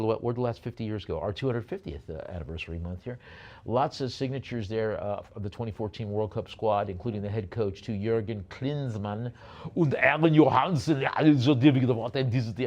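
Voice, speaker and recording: A man's voice: lowish voice, quick pace, dark tone. A man working as an auctioneer, calling out bids at a live auction and slipping in jokey asides between lots.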